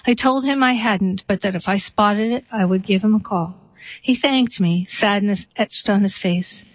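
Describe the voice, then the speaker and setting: A woman reading a short story and a poem aloud in a steady, unhurried way. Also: medium pitch, no echo. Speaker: reader. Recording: dull, slightly lo-fi dry recording.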